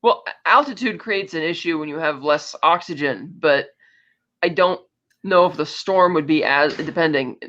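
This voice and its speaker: Speaking at a normal speed in a low, slightly bright voice, a woman co-hosts a podcast and casually recaps movies, narrating scenes and acting out the characters' dialogue. The recording's highs are cut off.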